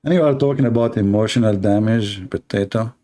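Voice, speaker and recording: A man's voice: lowish voice, brisk, warm tone, slight background noise. A man from the Middle East, a native Arabic speaker with an Arabic accent, hosting a live debate in a sarcastic, mocking manner. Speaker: online debate host.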